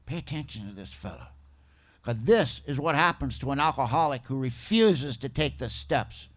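A man voicing a blunt, preachy old male AA old-timer in a suit, with a deep gravelly voice. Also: expressive, normal speed, lightly acted. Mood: lecturing.

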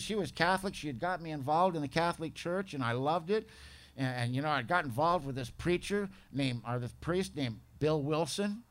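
A man speaking at a recovery meeting, telling his story bluntly, with rough slang and gruff humor. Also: a little high, fairly bright tone. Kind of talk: storytelling talk.

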